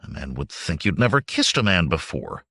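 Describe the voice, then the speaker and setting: A man reading a blunt young barbarian warrior in a fantasy audiobook, gruff and barking. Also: very deep voice, very animated, moderate pace, sharp tone, no echo, studio quality, voice pushed down, exaggerated voice.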